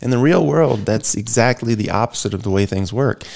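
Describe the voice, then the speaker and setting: A man's voice: medium pitch, expressive, a little fast, vocal fry, a little mellow. A man speaking as an interview guest in a casual, rambling monologue, blunt and peppered with fillers and swearing.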